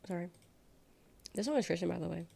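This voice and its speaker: Gravelly-voiced woman chatting on a livestream. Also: on the low side, fast talker, warm tone. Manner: rambling, sarcastic, reacts to chat. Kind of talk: casual chat reading viewer comments.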